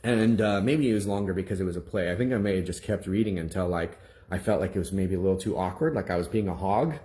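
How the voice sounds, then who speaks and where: A man, a minister, giving a personal testimony to his congregation in an animated, rambling storytelling manner full of restarts. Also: sits low, fast talker.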